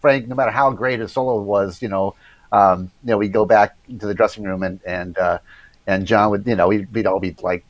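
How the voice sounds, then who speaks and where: A man's voice: lowish voice, fairly even intonation, dry recording, highs cut off. A man talking as a guest on a video call, telling a teasing anecdote casually. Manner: teasing, tells a quick anecdote. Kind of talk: casual chat.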